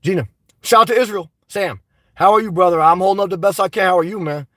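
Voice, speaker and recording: High-voiced boisterous man on a live stream. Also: fast talker, fairly bright tone, dry recording. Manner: boisterous, blunt and profane. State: slightly congested. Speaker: vlogger reading live chat. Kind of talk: casual live-stream chat.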